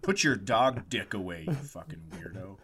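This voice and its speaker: A man's voice: lowish voice, very animated, normal speed, a crowd in the background. A middle-aged man co-hosting a podcast, cutting in with blunt, crude jokes in casual chat. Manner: blunt, crude, jokey interjections. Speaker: podcast co-host.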